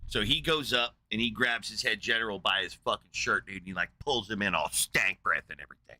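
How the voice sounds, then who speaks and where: A man's voice: on the low side, fairly quick, sharp tone. A man hosting a live debate show, arguing with a caller in a profane, mocking, combative way and retelling a scripture story crudely.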